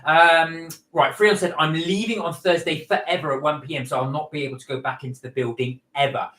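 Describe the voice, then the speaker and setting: A man's voice: on the high side, steady tone, brisk, fairly bright tone, roomy sound, rough recording. A man co-hosting a casual livestream, chatting and reading out viewer comments. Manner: chatty, reads out comments and answers them.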